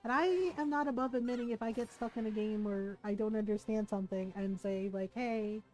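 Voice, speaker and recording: A woman's voice: medium pitch, brisk, a little mellow, faint music behind. A woman streamer telling a family story in casual chat, tagging her lines with "right?" and acting out what relatives said. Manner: chatty, tags lines with "right?"; acts out family members' lines. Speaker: game streamer.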